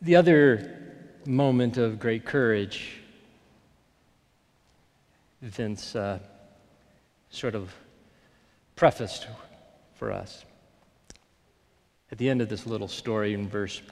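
A male pastor preaching a sermon in a reflective way, often dropping to a near-hush on key phrases. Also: lowish voice, takes it slowly, pauses often. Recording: long reverb of a large hall.

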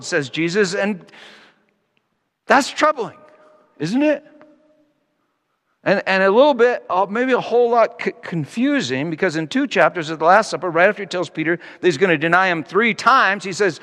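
A man preaching a sermon in a reflective way, slowing down to stress key phrases. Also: very animated, a bit bright. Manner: reflective, wide-ranging pitch, slows for emphasis. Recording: long reverb of a hall.

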